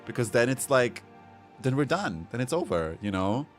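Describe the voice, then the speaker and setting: A man's voice: medium pitch, sing-song, normal speed, soft background music. A man from Europe chatting frankly with viewers during a live game stream. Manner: frank, chatty, responds to chat. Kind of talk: casual live-stream chat.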